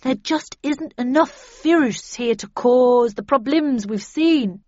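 A woman's voice: sits high, takes it slowly, darkish tone, no echo, pitched above the performer's own voice. A woman voicing an urgent, earnest agent. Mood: puzzled. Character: earnest male agent, urgent and self-sacrificing. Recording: dull lo-fi dry recording.

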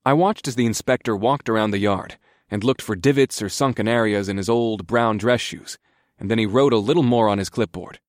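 A man's voice: on the low side, brisk, no room sound, studio quality. A man narrating a first-person story in a wry, matter-of-fact way.

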